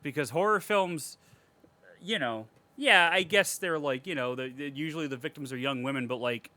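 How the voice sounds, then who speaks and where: Bright-voiced man rambling on a podcast. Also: on the high side, normal speed, no room sound. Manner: rambling, swears casually, many restarts. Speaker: podcast co-host. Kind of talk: casual chat.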